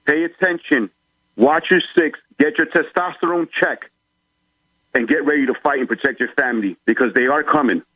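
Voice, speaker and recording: A man's voice: on the high side, moderate pace, no echo. Man, caller, phone line sound, dry, urgent and blunt. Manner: urgent, warning, plain-spoken. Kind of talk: call-in talk radio.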